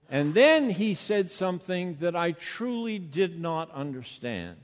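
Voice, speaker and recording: An older man with a Boston accent preaches a sermon like he's telling a story, leaning on rhetorical questions. His voice sits a bit high and swings widely in pitch. It carries a long reverb from a big church hall. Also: sing-song, a little slow, few pauses. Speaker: pastor.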